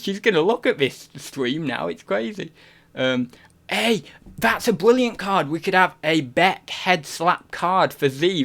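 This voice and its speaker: A man chatting loosely on a live stream, giggly and rambling, and full of restarts. His voice sits a little higher than most men's. The talk is unscripted and offhand. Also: vocal fry, a bit bright. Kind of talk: casual live-stream chat.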